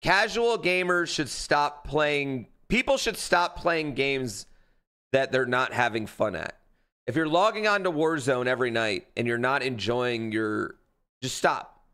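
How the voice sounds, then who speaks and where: A man's voice: medium pitch, lively intonation, measured pace, pushed and bright, clean tone. A man streaming live, reacting in a blunt, rambling way, with lots of fillers and swearing. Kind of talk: casual livestream reaction chat.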